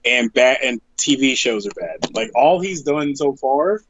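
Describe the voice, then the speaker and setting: A man's voice: medium pitch, animated, measured pace, a bit bright, highs cut off, slight background noise. A man co-hosting a casual wrestling podcast, blunt and opinionated, often repeating himself as he builds a point. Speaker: podcast co-host.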